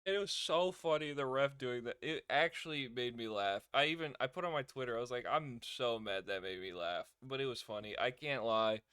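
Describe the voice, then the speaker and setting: Young man, casual review chat, laughs often, bright tone, dry close sound. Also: medium pitch, brisk, hardly any pauses, clean tone, no room sound. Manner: chatty, laughs often, acts out quotes. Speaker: wrestling reviewer.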